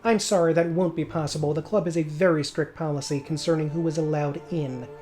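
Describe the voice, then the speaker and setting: A man's voice: fairly high pitch, steady tone, brisk, darkish tone, faint music behind, lightly acted. A man voicing a polite, prim female secretary who guards a club's door. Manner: polite, crisp, gatekeeping.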